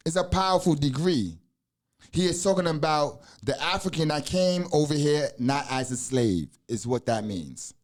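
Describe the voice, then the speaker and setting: Speaking at a measured pace in a voice on the high side, a podcast host in his forties with an American accent chats casually. His loose, profane delivery is full of asides and restarts.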